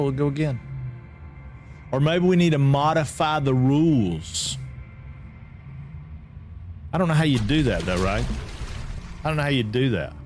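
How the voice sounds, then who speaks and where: Man, game streamer, rambling and repetitive, talks to chat, faint background music. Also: on the high side. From Atlanta, Georgia. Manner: chatty, repeats himself, reads out chat. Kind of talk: casual live-stream chat with viewers.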